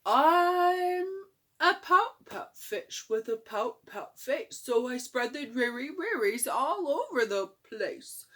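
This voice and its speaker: A glum little storybook fish with a lasting pout, put on by an older woman reading aloud. His lines come in a bouncy singsong rhyme, and the voice swoops up and down. The reading is unhurried. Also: mid-range voice, lively intonation. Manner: singsong rhyming delivery.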